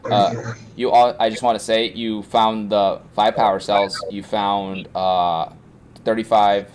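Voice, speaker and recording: A man narrating as game master, halting and listing loot with many fillers. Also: lowish voice, little pitch movement.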